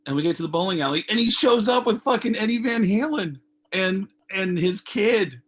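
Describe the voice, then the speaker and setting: With a high-pitched, slightly rough voice at normal speed, a comedian guest spins a long, profane anecdote on a video call for a casual storytelling interview. He's animated, acting out other people's lines in raised voices, and the audio is poor.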